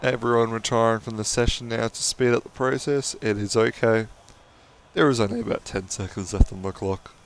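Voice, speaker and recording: A man's voice: medium pitch, a little fast, slight background noise. A young man commentating a sim racing stream, chatting casually and joking with viewers and drivers. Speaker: race commentator.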